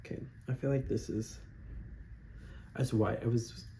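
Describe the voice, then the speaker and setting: A man's voice: medium pitch, steady tone, measured pace, creaky, warm tone, slight background noise. A man in drag talking casually and playfully through a makeup tutorial, filmed on a phone camera at home. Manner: playful, giggly and self-mocking. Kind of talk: casual chatty vlog narration.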